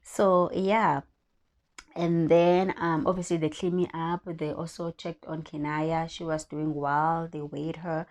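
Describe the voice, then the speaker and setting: A woman's voice: low voice, slow. A young South African woman with a South African accent, a vlogger telling a personal story in casual chat and acting out the dialogue. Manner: lively, animated, acts out dialogue.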